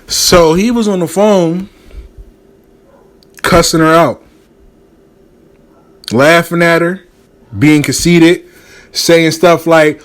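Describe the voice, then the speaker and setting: A man telling a story casually, animated and profane, acting out the people he quotes. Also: a little high, slow pace, long pauses.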